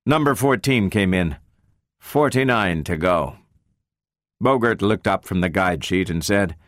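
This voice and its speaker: A man narrating a story in a measured, even way. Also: low voice, no room sound, studio quality. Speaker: audiobook narrator. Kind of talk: scripted narration.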